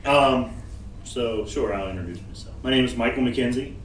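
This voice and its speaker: A man's voice: medium pitch, normal speed. A man from Florida, a singer-songwriter, answers interview questions in an easygoing, hesitant way, with plenty of fillers. He sounds far from the mic, in a roomy space. A faint noise sits behind him. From Florida, USA.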